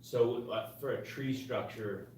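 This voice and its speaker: A man in the audience asking a question during a lecture, hesitant and halting. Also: mid-range voice, steady tone, a little mellow, slight background noise. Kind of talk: classroom question. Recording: echoey room, far from mic.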